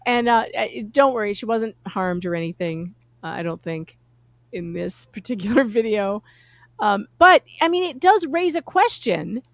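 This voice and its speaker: A woman's voice: mid-range voice, lively intonation, normal speed, no echo, clean studio sound. A woman chatting on a live stream, joking and giggling as she talks. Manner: giggly, joking, often laughing mid-sentence. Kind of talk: casual live-stream chat.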